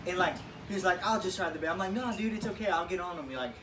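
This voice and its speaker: Man, relaxed laughing cowboy, animated pitch, distant mic, noisy background. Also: very fast. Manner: easygoing, laughs through his lines. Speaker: cowboy storyteller. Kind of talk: casual storytelling.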